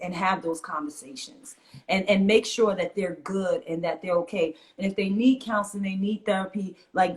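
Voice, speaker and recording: Earnest mother telling stories animatedly. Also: medium pitch. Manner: earnest, animated storytelling, acts out quotes. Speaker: guest, fitness teacher and mother. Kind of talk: conversational interview.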